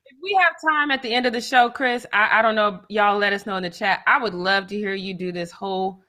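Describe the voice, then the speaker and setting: A woman co-hosting a casual sports talk show, animated and emphatic, her voice jumping up high when she makes a point. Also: fairly quick.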